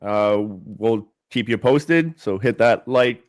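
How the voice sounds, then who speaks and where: A man's voice: lowish voice, expressive, takes it slowly, dry recording. A man hosting a live comedy podcast, joking loosely and reading viewer comments aloud. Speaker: podcast host. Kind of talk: casual live podcast chat.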